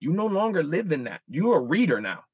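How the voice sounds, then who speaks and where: A man's voice: fairly high pitch, big pitch swings, brisk, breathy edge, dry recording, highs cut off. A man in his thirties, a guest in a casual interview, telling stories animatedly and acting out his own inner dialogue. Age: 30s.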